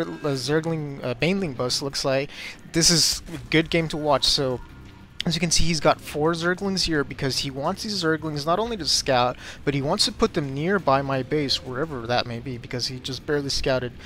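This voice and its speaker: A young man commentating his own game replay as a tutorial, excitable and quick to get flustered in the fights. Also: a little high, a little hiss or hum.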